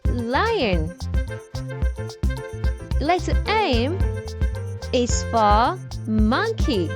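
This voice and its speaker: Female kids' narrator: very slow pace, sing-song delivery, asks little ones to repeat words over soft music. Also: high-pitched, very animated. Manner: prompting listeners to repeat words. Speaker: children's alphabet narrator. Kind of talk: slow scripted narration for toddlers.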